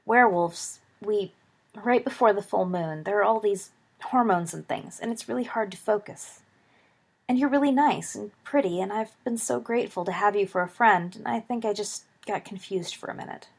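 A woman reading the part of an anxious, earnest teenage boy who is a werewolf, speaking in a halting, pleading way. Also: mid-range voice, gravelly, breathy edge. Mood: embarrassed.

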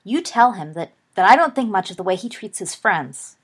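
A woman reading the part of a sharp-tongued, demanding teenage girl who snaps. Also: mid-range voice, expressive, fairly quick, natural voice. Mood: snapping. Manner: snappish.

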